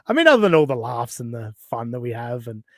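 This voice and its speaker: A man's voice: mid-range voice, very animated, quick pace, a bit bright, no room sound, studio quality. A man hosting a podcast in casual banter, blunt and profane, laughing between jabs. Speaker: podcast host.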